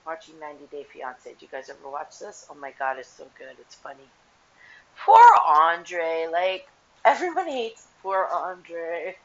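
A woman's voice: low-pitched, normal speed, lo-fi sound. Rambling, gossipy woman host. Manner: rambling and gossipy, with lively swings. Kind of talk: casual unscripted chat. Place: at home with the TV on.

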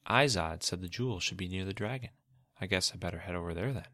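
A man's voice: sits low, fast talker, sharp tone, no room sound. A man voicing a frightened, distrustful boy in a storybook reading, with an anxious, pleading way of talking. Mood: wary. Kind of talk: storybook narration.

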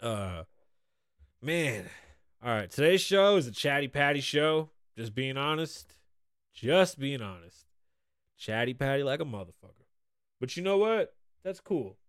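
A man's voice: medium pitch, very animated, moderate pace, a bit bright, smooth, no echo. A man hosting a podcast in casual chat, loose and profane, rambling through stories, his voice strained from a pulled vocal cord and a sinus infection. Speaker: podcast host.

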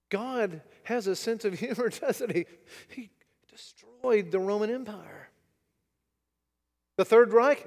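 A man preaching a sermon, dramatic and rhetorical, swinging between loud declarations and hushed asides. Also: high-pitched, long reverb tail. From United States. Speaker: pastor.

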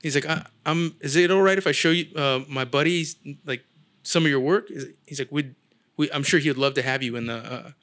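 Brief: man, slightly higher voice, casual storyteller, animated, acts out quotes. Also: brisk. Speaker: guest artist.

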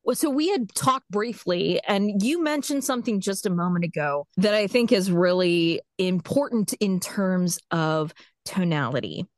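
A woman from South Florida hosting an interview, talking in a measured, thoughtful way. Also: lowish voice, animated, dry recording. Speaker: podcast host, interviewer. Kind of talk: casual interview chat.

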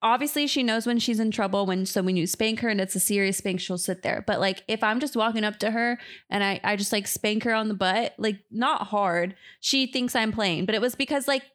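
A woman of middling pitch co-hosting a podcast. She talks in a loose, easygoing way, dropping fillers and swear words as she explains things. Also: a little fast, few pauses, a bit bright. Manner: laid-back, profane, filler-heavy talk. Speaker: podcast co-host. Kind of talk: casual chat.

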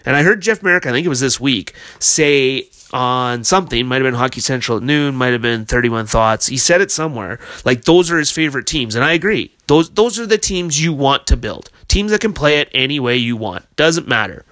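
A man's voice: medium pitch, expressive, a little fast, few pauses, a bit bright, no echo. A man hosting a hockey podcast, ranting in a heated, profane, casual way. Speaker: podcast host.

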